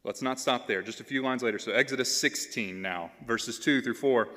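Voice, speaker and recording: A man delivers a sermon in an earnest, steady way, reading scripture aloud and repeating key phrases for emphasis. His voice sits in a middle register. A long reverb tail from a church sanctuary trails after each line. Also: mid-range voice, moderate pace, hardly any pauses. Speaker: pastoral intern.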